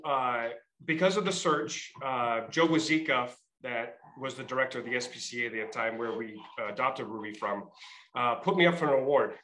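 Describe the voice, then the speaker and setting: A man's voice: medium pitch, fairly bright tone, echoey room, poor audio. A middle-aged man with a Massachusetts and Rhode Island accent, a state trooper telling his story in a casual interview with many fillers and restarts.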